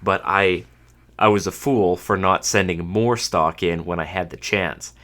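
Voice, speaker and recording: Male podcast host, 30s, from Canada, very low voice, congested, wry casual monologue. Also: steady tone, unhurried, fairly bright tone. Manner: dry, self-mocking humor. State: stuffed up from a cold.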